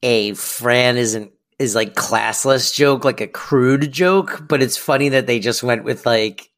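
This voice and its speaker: Chatty amused podcast cohost, casual recap talk, middle pitch. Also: slow pace, fairly bright tone. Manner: chatty and amused, laughing at the jokes. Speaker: podcast co-host. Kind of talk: casual chat recapping a sitcom episode.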